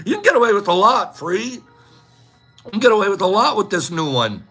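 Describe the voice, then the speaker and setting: A man hosting a casual livestream, playfully rambling through shout-outs to viewers by name. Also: sits high, breathy edge. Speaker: livestream host. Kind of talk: casual livestream chat, reading out viewer names.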